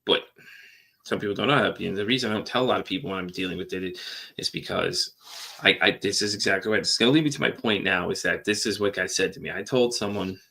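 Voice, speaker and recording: A man talks candidly as a podcast host. His voice sits low and gravelly, with a bright, forceful edge. He rambles, circles back on himself and swears casually. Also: fast. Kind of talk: candid personal monologue.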